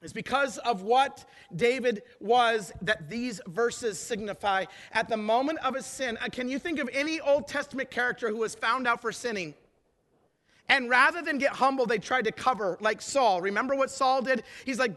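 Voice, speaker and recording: Male preacher, very high voice, lively sermon delivery, long hall echo. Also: normal speed. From northern Wisconsin. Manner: animated, swings from loud shouting to hushed prayer.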